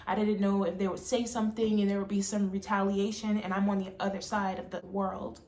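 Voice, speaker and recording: A young adult woman telling a personal storytime tale in an animated, emphatic way. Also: medium pitch, fairly quick, reverberant. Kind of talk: storytime monologue.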